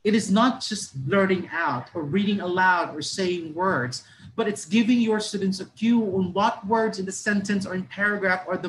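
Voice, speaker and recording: A man teaching listening skills to parents and teachers, explaining slowly, restarting often and stressing key words aloud to show how. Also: high-pitched, fairly bright tone, slight background noise, rough recording.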